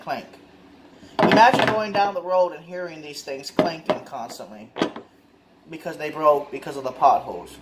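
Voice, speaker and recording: A man's voice: a little high, roomy sound, noisy background. A man ranting in a casual vlog, frustrated and repetitive, swearing often. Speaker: car owner vlogger.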